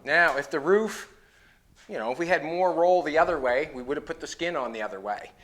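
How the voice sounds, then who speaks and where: Canadian guy talking thru a car build in his shop, bright sharp voice, kinda high. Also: expressive, fairly quick. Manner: chatty, explains each step as he works. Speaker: metal fabricator and show host. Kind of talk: hands-on build commentary. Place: car workshop.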